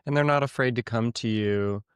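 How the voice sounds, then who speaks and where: A middle-aged man co-hosting a parenting podcast, speaking calmly in a casual conversation. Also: mid-range voice, a little fast, smooth, dry recording. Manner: calm, brief affirmations.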